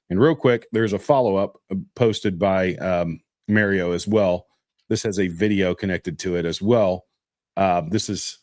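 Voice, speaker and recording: A man's voice: on the low side, darkish tone, no room sound, clean studio sound. A man co-hosting a casual political podcast, reading news stories aloud with many fillers and restarts.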